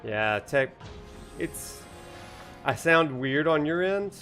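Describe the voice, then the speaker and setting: A man's voice: on the high side, animated, takes it slowly, bright, forceful tone, soft background music. A man, a university professor, lecturing casually while playing a video game, rambling with many fillers and joking about technical trouble. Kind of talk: casual lecture over gameplay.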